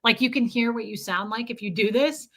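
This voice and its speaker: Bright, forceful woman streamer chatting. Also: a little high, brisk. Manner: chatty, laughs often, greets viewers by name. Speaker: live streamer chatting with viewers. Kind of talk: casual live-stream chat.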